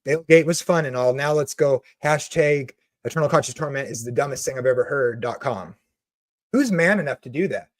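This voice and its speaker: A man's voice: medium pitch, brisk. A man hosting a Christian video, ranting with passion and sarcasm about theology, then reading comments.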